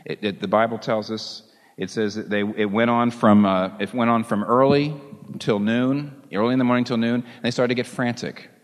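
A man's voice: medium pitch, normal speed. Storytelling male preacher in a hall. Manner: lively storytelling, chuckles at the story. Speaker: pastor. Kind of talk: sermon.

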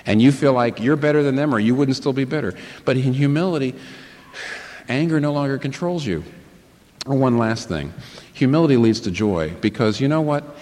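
A pastor preaching a sermon, asking rhetorical questions and building up emphasis. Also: male voice, mid-range voice, moderate pace, a little mellow, big-room sound.

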